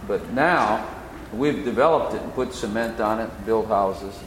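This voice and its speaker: A man teaching the Bible in sermon style, slowly explaining and repeating key phrases. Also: on the low side. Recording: echoey hall, faint noise.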